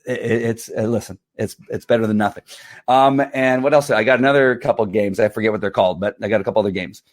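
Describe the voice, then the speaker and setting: Slightly hoarse man rambling on a livestream. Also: fairly low pitch, fast talker. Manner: rambling, repeats words, laughs often. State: slightly hoarse from strained vocal cords. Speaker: livestream host. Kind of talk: casual livestream talk.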